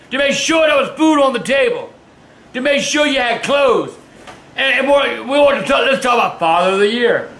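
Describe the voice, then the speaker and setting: An older grandfather rants and tells stories in a high, piercing voice. He curses constantly and often raises his voice to a shout. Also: expressive, normal speed. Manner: loud, cursing, ranting. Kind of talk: profane storytelling to camera.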